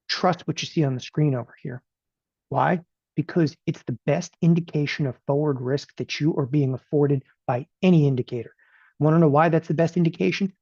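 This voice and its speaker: Teaching options trading on a live webinar, this man talks fast and with animation, asking "okay?" after each point. He sounds somewhat high-pitched, and the recording is dull with no room sound.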